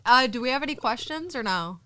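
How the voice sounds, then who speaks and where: A woman's voice: a little high, expressive, brisk, very noisy. A woman hosting a live podcast, chatting bluntly and laughing easily. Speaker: podcast host. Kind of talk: casual chat, live podcast.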